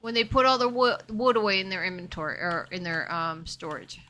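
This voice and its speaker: Bright-voiced woman chatting on a live game stream. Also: mid-range voice, animated, a little fast. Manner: chatty, talks to herself and her chat. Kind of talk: casual live-stream chat while playing.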